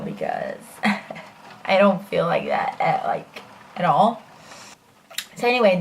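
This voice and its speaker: A woman's voice: medium pitch, slight background noise. A young woman chatting casually through a makeup tutorial as a beauty vlogger, self-deprecating and full of fillers.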